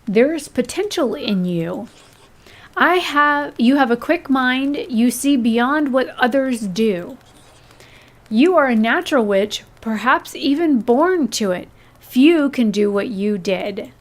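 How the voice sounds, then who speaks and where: Brief: woman reading an ancient commanding witch from a game, slow and solemn, voice a bit high. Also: expressive, exaggerated voice. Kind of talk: reading game dialogue aloud.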